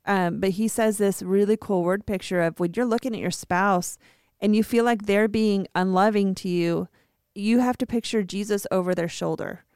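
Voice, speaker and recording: Woman co-host, smooth clear tone, dry close sound, animated storyteller. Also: mid-range voice, normal speed, no room sound. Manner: animated, acts out quoted voices. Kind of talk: casual faith-based chat.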